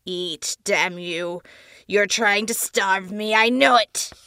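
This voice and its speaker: A woman voicing a cursed talking face that taunts and demands food in a slow, menacing way. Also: on the low side, lively intonation, creaky, fairly bright tone, no echo, studio quality, full character voice. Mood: demanding.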